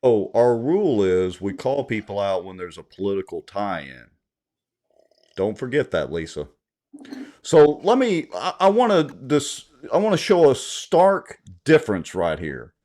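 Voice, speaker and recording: A man's voice: fairly low pitch, big pitch swings, a little slow, warm tone. A man co-hosting a talk show, giving sarcastic, mocking political commentary.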